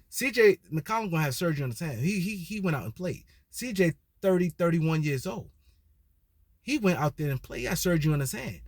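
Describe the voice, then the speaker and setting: A man with a high, light voice delivers a loose basketball opinion monologue, circling back on points and repeating himself as he builds an argument. The sound is dry and close, with no room around it. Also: no room sound. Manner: animated, repetitive, conversational with slang and restarts. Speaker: sports commentary host.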